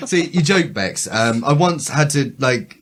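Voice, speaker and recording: A man's voice: a little high, expressive, measured pace, fairly bright tone. A man, co-hosting a podcast, telling crude, cheeky stories with a rambling manner. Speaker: podcast co-host. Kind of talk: casual chat.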